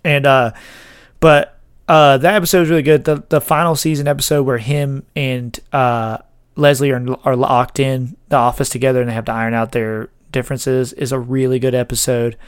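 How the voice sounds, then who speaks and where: A man's voice: medium pitch, flat delivery, moderate pace, clean tone, no echo, clean studio sound. A man hosting a casual podcast chat, rambling and laughing as he retells scenes. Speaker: podcast host. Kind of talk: casual chat about a TV show.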